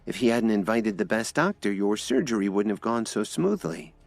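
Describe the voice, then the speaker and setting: A man's voice: fairly low pitch, lively intonation, normal speed, gravelly, no echo, soft background music. A man voicing an anxious, caring young woman in an audio drama, pleading and worried. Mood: explaining.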